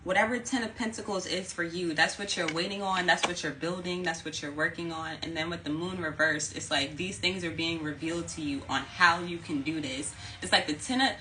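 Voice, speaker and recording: A woman's voice: lowish voice, fairly even intonation, a little fast, few pauses, noisy background. A woman giving a casual tarot reading, talking candidly, swearing now and then and repeating her phrases. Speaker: tarot reader.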